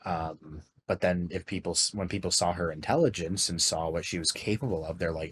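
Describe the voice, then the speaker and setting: A man's voice: deep voice, fairly even intonation, brisk, few pauses, slight background noise. A Canadian man co-hosting a podcast, chatting casually with lots of fillers and restarts. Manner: rambling, many fillers and restarts. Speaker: podcast co-host. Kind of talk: casual chat.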